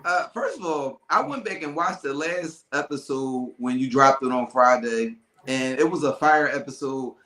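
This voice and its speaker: A man hosting a casual podcast chat, animated and loose with slang, often laughing. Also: mid-range voice, normal speed, hardly any pauses, roomy sound, poor audio. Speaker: podcast host.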